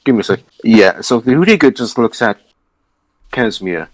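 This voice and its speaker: Lively low-voiced male game master. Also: normal speed, dry recording. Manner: explains calmly, sets scenes, asks players questions. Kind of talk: narrating a tabletop game. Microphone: online voice call.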